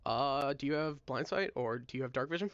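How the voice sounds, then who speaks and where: A man's voice: mid-range voice, fairly quick, a bit bright, dry recording, dull audio. A man narrating as dungeon master in a casual online tabletop game, talking loosely and apologizing now and then. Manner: casual, apologetic, coughing at times.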